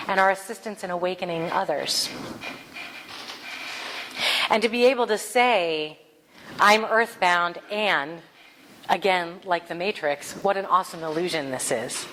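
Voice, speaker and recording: A woman minister giving a sermon, telling stories with animated, acted-out quotes. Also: medium pitch, slight background noise, low-quality recording. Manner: animated storytelling, acts out quoted voices.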